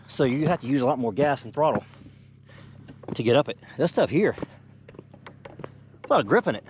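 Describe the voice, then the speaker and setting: A man, chatting casually and folksily as he narrates an off-road drive from inside his Jeep. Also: medium pitch. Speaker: off-road vlogger. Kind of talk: casual narration while driving. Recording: engine and road noise behind.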